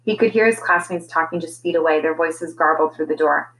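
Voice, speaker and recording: A woman teacher reading a children's novel aloud in a gentle storytelling manner, giving the characters' lines their own voices. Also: deep voice, a little fast, slight background noise, rough recording.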